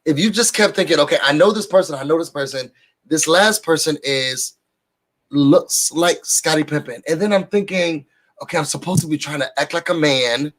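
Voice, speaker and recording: A woman chatting casually about a reality TV episode, animated and laughing, with self-interruptions. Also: sits low, normal speed. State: burping from a fizzy drink. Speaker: guest co-host. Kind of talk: casual reality TV recap chat.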